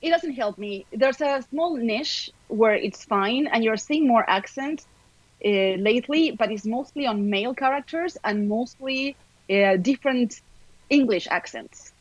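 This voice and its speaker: A woman from Argentina with an Argentine Spanish accent, an actor chatting as an upbeat, animated podcast guest. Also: a little high, unhurried, no room sound, muffled recording. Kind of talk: casual interview chat.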